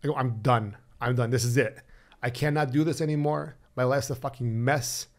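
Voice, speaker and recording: Man, podcast guest, candid storytelling, blunt, swears, mid-pitched voice. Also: normal speed. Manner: animated, blunt, swears freely; acts out remembered dialogue.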